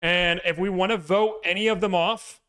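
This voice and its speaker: Speaking at a moderate pace in a high, clear, resonant voice with a steady tone, a man hosts a livestream. He reads through a list in casual chat, playfully adding movie-quote impressions, on a loud, peaking mic.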